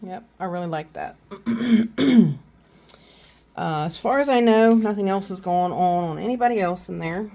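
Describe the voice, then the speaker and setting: A woman's voice: medium pitch, unhurried, gravelly, pauses often, warm tone. A middle-aged woman with a Southern US accent, chatting casually and rambling through a walkthrough of her plants at home. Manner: chatty, rambling, many fillers and restarts. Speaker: orchid vlogger. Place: indoors at home among plant shelves.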